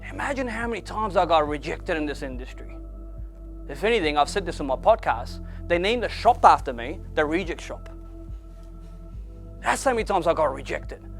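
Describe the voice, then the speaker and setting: A man, not an English speaker, telling a blunt, animated motivational story to an audience. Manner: animated, swings loud and excited to low and quiet; blunt with occasional swearing.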